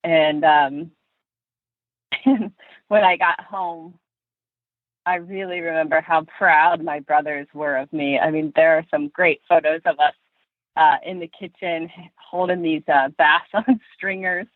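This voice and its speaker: A woman from Virginia, a fishing guide, tells stories about her life at an unhurried pace in a podcast interview. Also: sits low, fairly even intonation, dry recording. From Virginia, USA. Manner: unhurried, anecdotal storytelling with frequent pauses. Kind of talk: podcast interview, personal storytelling. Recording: tinny phone-line audio, dry.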